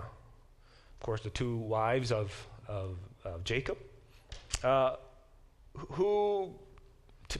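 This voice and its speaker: A middle-aged man teaching a Bible class, explaining verses, often correcting himself, and reading passages aloud with emphasis. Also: medium pitch. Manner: explanatory, digressive, self-correcting; reads verses aloud with emphatic, lifted delivery. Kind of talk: lecture.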